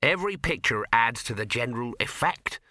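A man's voice: mid-range voice, lively intonation, fairly quick, pushed and bright, no echo. Male reader voicing a folksy older craftsman explaining his trade, dry close sound.

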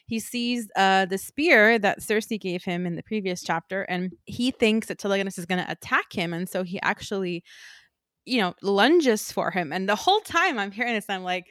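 A woman co-hosting a podcast, casually recapping a novel in animated chat. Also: medium pitch, moderate pace, dry recording, clean studio sound. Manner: animated, acts out characters in quotes.

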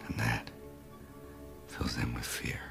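An actor playing a solemn man who muses on miracles and fate in a low, hushed half-whisper, taken from a film soundtrack. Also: slow, close to an everyday voice. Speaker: film character. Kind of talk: dramatic film monologue. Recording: film soundtrack with music underneath.

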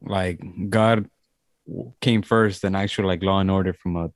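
A man's voice: low-pitched, steady tone, dry recording, studio quality. A man co-hosting a casual movie review podcast, talking bluntly and swearing often. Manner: rapid, profane, blunt. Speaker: podcast co-host.

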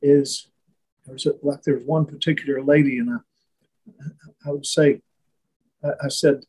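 A man speaking as a guest, telling a reflective story in conversation, halting and restarting often. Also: medium pitch, fairly even intonation, darkish tone, slightly rough, rough recording. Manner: slow, halting, many restarts and fillers.

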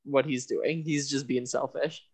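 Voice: mid-range voice, steady tone, measured pace, a little mellow, husky. A podcast co-host recapping a TV episode in casual chat, laughing often. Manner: laughs often, loose and chatty.

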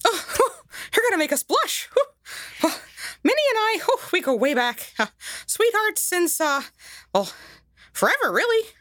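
Woman doing a squeaky cartoon mouse, high falsetto, chipper and folksy, wildly bouncing pitch, dry close mic. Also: big pitch swings, normal speed, a bit bright, no echo, full character voice. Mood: bashful. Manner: chipper and folksy, old-fashioned exclamations. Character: cheery squeaky male cartoon mouse, polite and eager.

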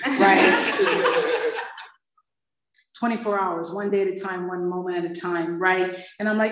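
A woman's voice: on the low side, measured pace, pauses often. A woman in her fifties from Hawaii, sharing her recovery story with a group and acting out the dialogue as she tells it. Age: 50s. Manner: lively storyteller acting out dialogue, laughing often. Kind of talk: personal testimony to a group. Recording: echoey room, far from the mic.

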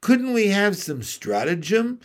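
A man's voice: high-pitched, big pitch swings, measured pace, pitched above the performer's own voice. A man reading aloud from a storybook, voicing an earnest, impatient boy who stumbles eagerly over his words. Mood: urgent.

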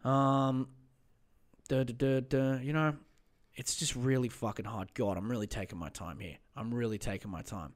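A man's voice: mid-range voice, moderate pace. A man hosting a casual solo podcast, rambling and swearing, muttering to himself and mocking himself as he searches for material. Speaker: podcast host.

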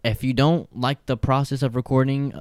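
A man's voice: mid-range voice, flat delivery, normal speed, smooth, dry recording, studio quality. A man co-hosting a podcast, chatting eagerly and casually with plenty of swearing. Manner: profane, eager, keeps interrupting. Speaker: podcast host. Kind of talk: casual chat.

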